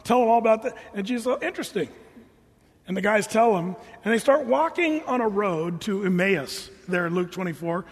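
A fairly high-voiced pastor preaches in a relaxed, storytelling way, slipping into little voices for the people he describes. His tone is a bit husky, and his words carry a long echo through a big church hall. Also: fairly quick, few pauses. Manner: casual, animated storytelling with voiced quotes. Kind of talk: sermon. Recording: reverberant hall.

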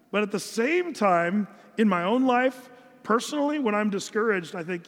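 A man's voice: high-pitched, lively intonation, moderate pace, in a large hall. A man from the United States preaching an earnest, emphatic Bible-teaching sermon, often restarting his phrases. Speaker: pastor.

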